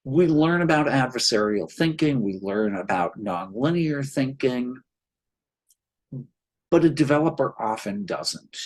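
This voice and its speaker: A man talks through his expertise at a slow, measured pace. His voice has a slightly husky edge. He explains patiently and drops the occasional wry aside. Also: mid-range voice, darkish tone, rough recording. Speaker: security expert guest. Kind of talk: podcast interview.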